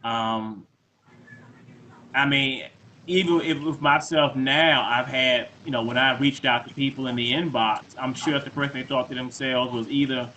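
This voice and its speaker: Relaxed male co-host, bright open tone, thoughtful chat. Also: mid-range voice, normal speed, a little hiss or hum. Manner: laid-back, reflective, acts out quoted lines. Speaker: podcast co-host. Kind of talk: casual conversation.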